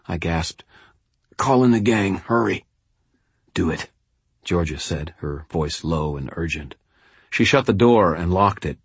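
A man's voice: sits low, husky, no room sound. A man narrating a first-person audiobook in a tense, gritty storytelling manner.

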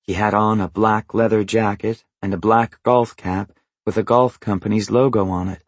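Low husky male audiobook narrator. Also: normal speed, dry recording. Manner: even, understated, matter-of-fact. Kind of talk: first-person literary narration.

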